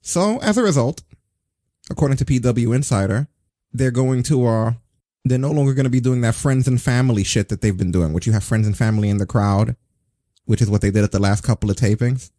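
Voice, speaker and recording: Sarcastic man with a dark husky voice. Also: mid-range voice, a little fast, dry recording, studio quality. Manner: sarcastic, swearing, animated. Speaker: podcast host. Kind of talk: casual wrestling news chat.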